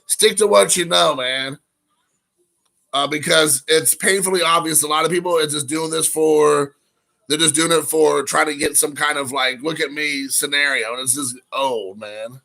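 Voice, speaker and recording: Gravelly, rambling male stream host. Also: a little high, fairly even intonation, moderate pace, bright, forceful tone. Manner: rambling, frequent fillers, reads chat aloud. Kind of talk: casual live stream chat.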